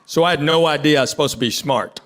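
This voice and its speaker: A middle-aged man from Tennessee doing a stand-up comedy set, telling stories and acting out quick quotes from his family. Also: a little high, noisy background. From Tennessee, USA. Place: theater stage before a live audience. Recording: live show with audience laughter. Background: audience laughter.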